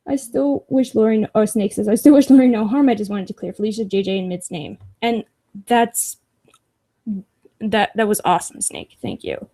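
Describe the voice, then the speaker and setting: Young woman, livestream host, casual chat, sarcastic, profane, mellow tone. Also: medium pitch, expressive, moderate pace. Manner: profane, sarcastic, laughs often.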